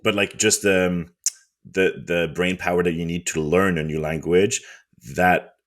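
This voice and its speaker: A man chatting casually as a podcast co-host. His voice sits very deep. He answers in relaxed, halting sentences with plenty of fillers. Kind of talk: casual chat.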